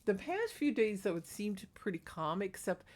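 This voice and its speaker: A woman's voice: mid-range voice, big pitch swings, moderate pace, a little mellow. A middle-aged woman on a small clip-on mic, telling a neighborhood story in a chatty, indignant gossip vlog. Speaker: vlogger. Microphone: clip-on microphone.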